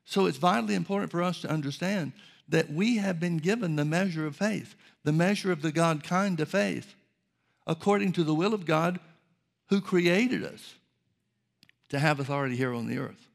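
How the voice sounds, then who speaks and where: A man preaching a sermon in a measured way, reading scripture aloud and explaining it. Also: on the high side, vocal fry.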